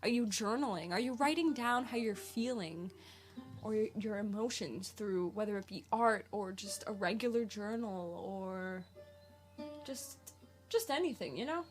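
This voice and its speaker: A woman's voice: medium pitch, a little slow, soft background music. A woman hosting a spiritual podcast, rambling with lots of fillers and firing questions at her listeners. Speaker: podcast host. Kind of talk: casual spiritual podcast monologue.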